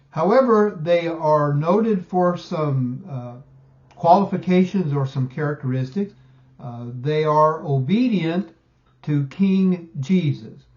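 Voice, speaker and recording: A man teaching a Bible study lesson, emphatic and slowing down to stress key words. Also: on the high side, a little mellow, lo-fi sound.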